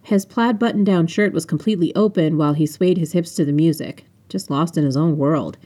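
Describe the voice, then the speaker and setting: A woman's voice: low voice, a little fast, warm tone, breathy edge. Woman narrating her own audiobook. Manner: casual narration with offhand asides. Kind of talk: unedited first-person audiobook narration.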